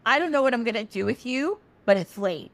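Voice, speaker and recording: A woman's voice: a little high, animated, fairly quick. A woman voicing a stern, exasperated supreme sky deity who scolds in casual modern slang.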